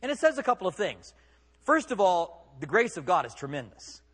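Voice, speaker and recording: A man's voice: high-pitched, big pitch swings, a little fast, a bit bright, husky, long reverb tail. A man preaching a sermon as pastor, conversational and emphatic, with rhetorical questions.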